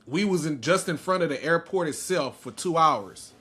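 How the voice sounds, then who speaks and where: A man's voice: on the high side, expressive, normal speed, sharp tone, breathy edge. A man in his forties hosting a podcast and chatting casually in a laid-back, slangy way. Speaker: podcast host. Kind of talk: casual chat.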